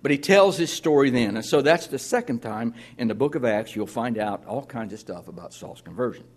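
Male preacher, husky voice, talky sermon, swings from loud to hushed. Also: medium pitch, lively intonation, fairly quick. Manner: conversational preaching, dropping to near-whispers. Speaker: pastor. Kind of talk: sermon to a congregation.

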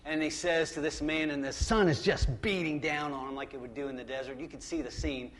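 A man's voice: a little high, steady tone, a little fast, fairly bright tone. A man pastor preaching a sermon in a church, conversational and emphatic, often restarting and repeating phrases.

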